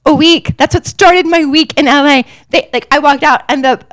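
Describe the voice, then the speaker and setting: A woman in her forties hosting a podcast, telling a personal story with self-deprecating humor, laughing often and breaking into bursts of high excitement. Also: moderate pace. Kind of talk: animated storytelling monologue.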